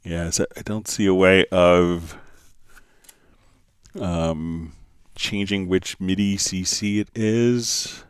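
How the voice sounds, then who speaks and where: A man hosting a live software tutorial, answering viewer questions and thinking aloud as he clicks through menus. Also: low-pitched, steady tone, slow, clean tone, no echo, studio quality. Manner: thinking aloud, many fillers.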